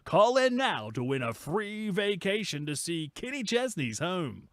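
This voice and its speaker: A man's voice: high-pitched, big pitch swings, measured pace, a bit bright, no room sound, clean studio sound, voice pushed up, heavily acted. A man doing a showy male radio announcer who hypes a call-in contest. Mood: hyped. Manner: showy, salesy delivery.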